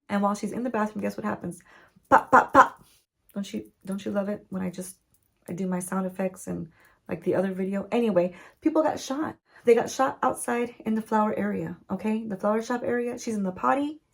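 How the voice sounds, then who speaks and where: A woman beauty vlogger telling a playful, chatty story-time recap with lots of asides to her viewers. Her mid-pitched voice carries a gravelly fry. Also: darkish tone. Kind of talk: story-time recap while doing makeup.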